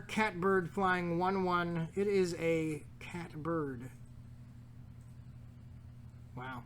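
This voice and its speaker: A man's voice: high-pitched, extremely slow, long pauses, fairly bright tone. A man hosting a casual pack-opening video, reading card text aloud with jokey asides and stumbles. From United States. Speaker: card shop host opening packs.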